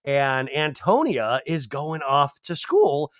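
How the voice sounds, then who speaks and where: A man's voice: fairly high pitch, takes it slowly, dry recording. Jokey man recapping TV, dry close voice. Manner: animated, digressive, jokey. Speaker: podcast host. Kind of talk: casual comedic TV recap.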